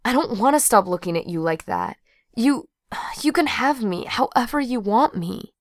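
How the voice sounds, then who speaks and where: A woman voicing a gentle, hesitant young woman in an audiobook, speaking softly with halting starts. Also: on the high side, sing-song, no echo, studio quality, voice pushed up. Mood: earnest.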